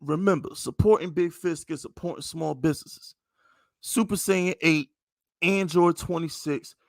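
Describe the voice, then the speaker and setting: Podcast host, a New York man with a high voice, emphatic and heated, delivered dry with no room echo. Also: unhurried, creaky. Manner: heated, profane, emphatic venting. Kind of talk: casual sports podcast rant.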